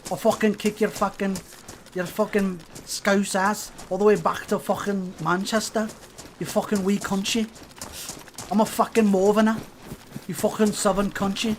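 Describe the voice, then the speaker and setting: Brief: man playing an aggressive English tough guy, trash-talk, lighter pitch. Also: creaky, pushed and bright, a little hiss or hum, exaggerated voice. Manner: swearing trash-talk in put-on English accent. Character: swaggering aggressive northern English male brawler.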